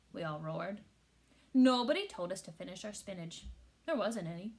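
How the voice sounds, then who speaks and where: A woman reading a children's picture book aloud with expressive storytelling. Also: lowish voice, normal speed. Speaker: teacher.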